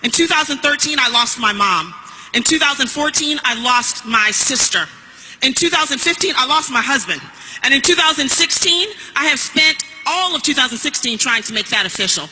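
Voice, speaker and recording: A woman giving a motivational stage speech as a network marketing speaker, emphatic and punchy, building to shouts. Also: high voice, expressive, normal speed, in a large hall, faint music behind, low-quality recording.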